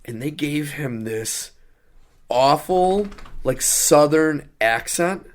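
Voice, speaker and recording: A man's voice: on the high side, expressive, takes it slowly. A young adult man co-hosting a casual podcast, reviewing a movie in an exasperated, sarcastic rant. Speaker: podcast co-host.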